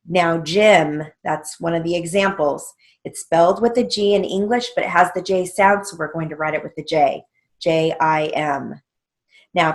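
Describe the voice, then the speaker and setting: A woman teaching a steno theory lesson, patiently spelling out words letter by letter and checking in with "okay?". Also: lowish voice. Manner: slow, patient, letter-by-letter dictation with frequent "okay?" check-ins.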